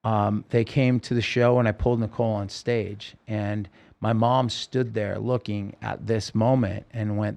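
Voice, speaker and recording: Gravelly-voiced man telling his story. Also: fairly low pitch, steady tone, a little mellow. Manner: halting, full of restarts and fillers; earnest and emotional. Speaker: podcast guest, singer-songwriter. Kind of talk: personal storytelling in conversation.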